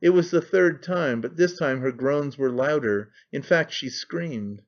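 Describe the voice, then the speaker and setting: A man narrating a classic novel as an audiobook, measured and expressive. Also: on the high side, lo-fi sound.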